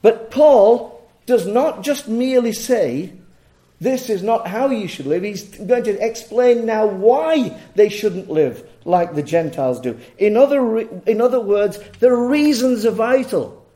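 Guy preaching a sermon, kinda high voice, warm mellow sound, keeps hammering the same phrases. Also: expressive, a little slow. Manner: emphatic, rhetorical, repeats key phrases.

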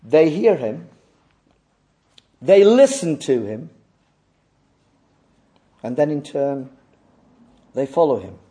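Male preacher, high pitch, deep mellow tone, sermon delivery with insistent rhetorical questions. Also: very animated, takes it slowly, pauses often. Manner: rhetorical questions, emphatic repetition.

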